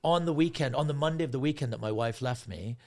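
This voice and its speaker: A man in his forties, a guest comedian, telling a story in an animated way, swearing freely and acting out other people's voices. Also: medium pitch, fast talker. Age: 40s. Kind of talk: casual storytelling.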